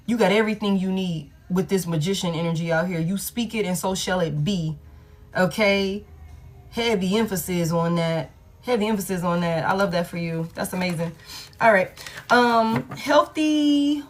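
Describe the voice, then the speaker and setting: A woman giving a casual tarot reading, emphatic and reassuring, repeating herself and swearing freely. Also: mid-range voice. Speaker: tarot reader.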